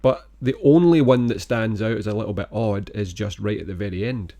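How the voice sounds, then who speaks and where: A man co-hosting a podcast, chatting about a film in a relaxed, rambling, enthusiastic way. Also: fairly low pitch, brisk. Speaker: podcast co-host. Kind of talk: casual film-review chat.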